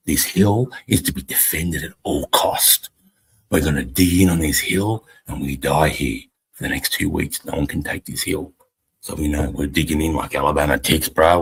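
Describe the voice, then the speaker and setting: A middle-aged Australian man with an extremely low voice and a heavily husky, raspy tone. He tells an army story bluntly and swears freely, like a veteran hosting a casual live chat. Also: poor audio. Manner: profane, blunt war-story telling.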